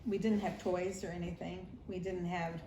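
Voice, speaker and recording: A woman's voice: fairly low pitch, little pitch movement, moderate pace, background noise. An older woman telling a family interview about her childhood in a nostalgic storytelling manner. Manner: warm storytelling, nostalgic, acts out family voices. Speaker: grandmother sharing family memories. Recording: roomy echo, faint ambience.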